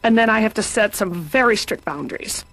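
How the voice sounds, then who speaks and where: A woman's voice: mid-range voice, animated, brisk, background noise. A woman comedian playing a patient, talking in a rambling, whiny, melodramatic way. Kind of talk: stand-up comedy in a cartoon.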